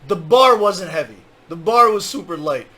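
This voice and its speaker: A man's voice: high-pitched, animated, normal speed, crowd noise. A man reacting to a rap battle as host, casual and hyped, heavy on slang and "like.". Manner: casual slang, hyped, says "like" and "my guy" a lot.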